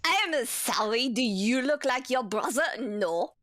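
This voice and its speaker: A woman's voice: on the high side, expressive, measured pace, fairly bright tone, no echo, studio quality. A woman playing a tabletop game, speaking in character in an indignant, comic manner. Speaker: player.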